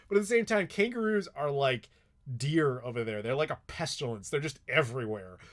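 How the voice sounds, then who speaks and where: A man's voice: medium pitch, animated, a little fast. A man casually answering viewer questions on a live stream, rambling and swearing freely with lots of filler words.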